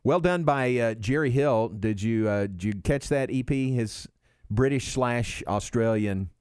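Smooth-voiced man reading a sports recap. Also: mid-range voice, unhurried, no room sound, clean studio sound. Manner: informative, steady, fact-listing. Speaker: radio host. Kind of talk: broadcast recap.

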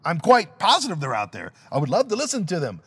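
A man's voice: sits high, huge pitch swings, quick pace, fairly bright tone, slightly rough. Rambling, jokey middle-aged male podcaster. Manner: rambling, self-deprecating, jokey. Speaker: podcast host. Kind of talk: casual solo podcast monologue.

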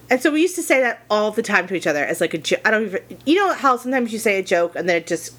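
A woman's voice: mid-range voice, expressive, quick pace, fairly bright tone. A woman co-hosting a podcast in casual chat, gushing and rambling as she tells a story. She restarts her sentences often while she talks. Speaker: podcast co-host.

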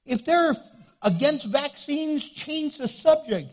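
A man preaching a sermon as a pastor, from New Mexico, joking with the congregation and doing quick funny voices. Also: very high-pitched, lively intonation.

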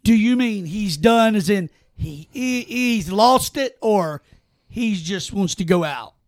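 A man's voice: sits high, expressive, takes it slowly, no echo, clean studio sound. A man co-hosting a podcast in casual sports chat, blunt and emphatic. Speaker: podcast co-host.

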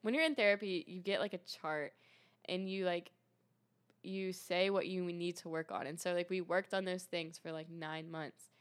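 Young woman guest, low and resonant, telling her story earnestly in relaxed chat. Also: moderate pace. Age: young adult. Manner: earnest, many fillers and restarts. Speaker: guest sharing testimony. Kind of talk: casual faith testimony chat.

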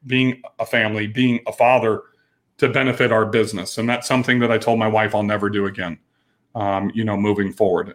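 A man's voice: mid-range voice, a bit bright. A man in his forties, a business owner telling his story frankly in an interview, with frequent restarts. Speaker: entrepreneur guest.

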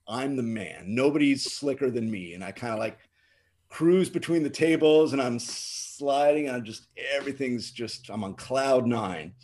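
A man, a drummer, casually telling a story from his gigs and acting out the voices of the people in it. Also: medium pitch. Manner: animated, acts out voices in anecdotes. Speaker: drummer and co-host.

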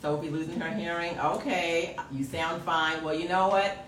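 A woman hosting a live podcast in casual chat, animated and sometimes loud, laughing often. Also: fairly low pitch, moderate pace, reverberant, distant mic, slight background noise, poor audio. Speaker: podcast host.

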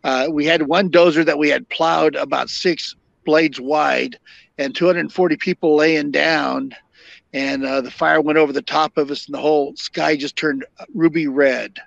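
An older man, a podcast guest and former fire captain, telling long stories in a halting way with many fillers and restarts. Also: a little high, steady tone, creaky, fairly bright tone, no room sound. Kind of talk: storytelling interview. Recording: dull lo-fi dry sound.

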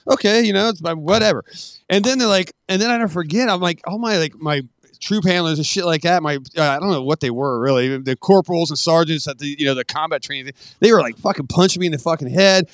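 Middle-aged male guest, easygoing, swears constantly, slightly high voice, dry close mic. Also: fast, clean tone, no room sound. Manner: profane, laid-back storyteller, acts out quoted voices. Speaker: podcast guest. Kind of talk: casual storytelling interview.

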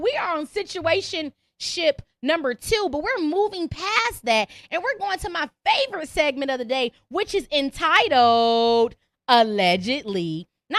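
Brash, high-voiced woman podcast host. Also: dry recording. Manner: brash, profane, animated ranting. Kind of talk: call-in podcast rant.

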